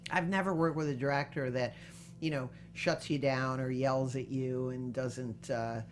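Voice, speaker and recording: A woman hosting a podcast interview, chatting casually and telling animated stories. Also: extremely low pitch, measured pace. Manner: chatty, animated storytelling with impressions. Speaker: podcast host.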